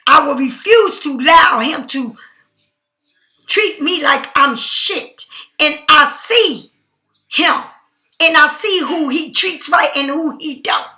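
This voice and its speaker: A woman's voice: high voice, slow pace, pushed and bright, roomy sound. A middle-aged woman tarot reader speaking bluntly and emphatically to her viewers in a spontaneous monologue.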